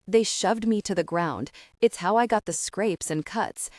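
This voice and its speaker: A woman voicing a frightened young homeless woman who pleads in a rushed, anxious way. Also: mid-range voice, darkish tone, no room sound, studio quality, close to an everyday voice. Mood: tearful.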